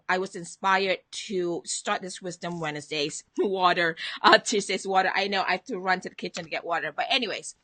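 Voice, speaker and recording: A woman's voice: medium pitch, pushed and bright, dry recording. A woman hosting a motivational live stream from home, chatting casually, greeting viewers by name and reading out their comments.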